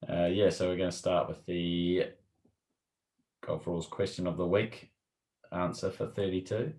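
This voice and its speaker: Male podcast co-host, very deep voice, echoey room, brief matter-of-fact replies. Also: little pitch movement, measured pace, a little mellow. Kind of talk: casual chat.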